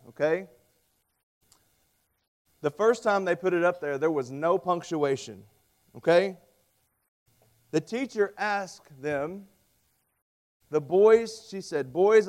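A man preaching a sermon, telling stories and acting out quoted voices with lively emphasis. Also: high voice. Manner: storytelling with dramatic voiced quotes; animated, rising loud on emphasis. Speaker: pastor.

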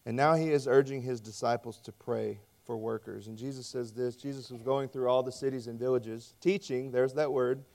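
A man preaching a sermon, telling stories and acting out quoted voices with lively emphasis. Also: medium pitch, moderate pace, vocal fry, hardly any pauses. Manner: storytelling with dramatic voiced quotes; animated, rising loud on emphasis. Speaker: pastor.

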